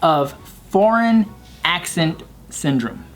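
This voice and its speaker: A man's voice: fairly high pitch, lively intonation, slow. A man hosting a casual commentary show, explaining a story loosely with plenty of filler words. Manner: explains stories with fillers and restarts. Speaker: host.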